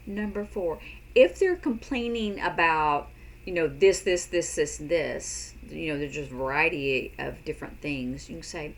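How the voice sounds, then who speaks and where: A woman teaching a sign language lesson in a casual spoken style, unhurried and repeating words as she demonstrates signs. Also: fairly low pitch, vocal fry, slight background noise, poor audio.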